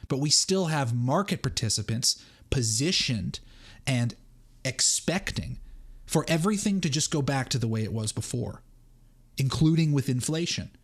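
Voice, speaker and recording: A man's voice: medium pitch, husky. Man giving market commentary. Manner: analytical, explains and reads passages with asides. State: has the hiccups. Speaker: host of a markets livestream. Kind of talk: solo livestream commentary, reading book excerpts aloud.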